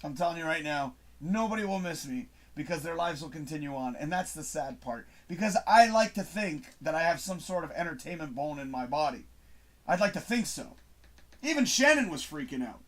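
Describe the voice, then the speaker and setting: A man's voice: fairly high pitch, lively intonation, a little fast, a bit bright. A man hosting his own show, ranting to camera in a frustrated, swearing monologue with emphatic bursts. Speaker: host. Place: home studio.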